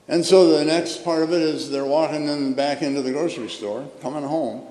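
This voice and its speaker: A man's voice: on the high side, fairly even intonation, fairly quick, a little mellow. An older man, a retired pastor, preaching a folksy storytelling sermon full of fillers and restarts. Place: church sanctuary. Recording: echoey hall with long reverb, faint room ambience.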